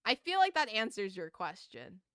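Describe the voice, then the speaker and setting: A young woman streaming a game, ranting casually with swearing and quick laughs while chatting to viewers. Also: mid-range voice, very animated, fairly bright tone, clear, resonant tone, dry recording, studio quality. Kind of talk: casual gaming stream chat.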